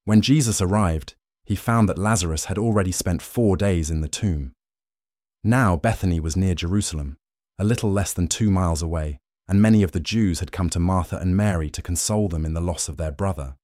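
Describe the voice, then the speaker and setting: A man reading a Bible passage aloud in a steady, measured scripted narration. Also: low-pitched, no echo, clean studio sound. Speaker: scripture reader.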